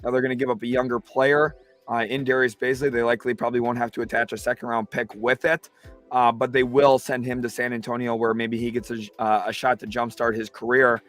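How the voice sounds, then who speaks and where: A man's voice: mid-range voice, brisk, faint music behind. A man hosting a live basketball talk stream, reading viewer comments and breaking down trades. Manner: excitable, reads chat comments aloud. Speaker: livestream host.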